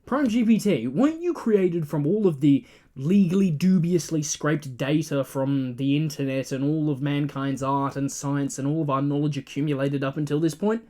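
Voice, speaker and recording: An Australian man hosting a satirical news parody in a sardonic, swearing, animated delivery. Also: on the high side, moderate pace.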